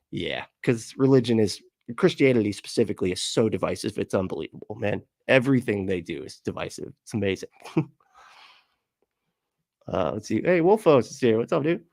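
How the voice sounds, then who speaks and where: A low-voiced man hosts a casual livestream, reading his chat aloud and rambling through loose thoughts. He laughs often and swears freely. The sound is dry and close, with no room around him. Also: darkish tone, no room sound.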